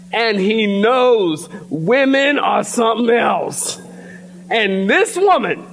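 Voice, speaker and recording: A man preaching a sermon as pastor in a church, telling stories in an animated way and sometimes shouting. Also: sits high.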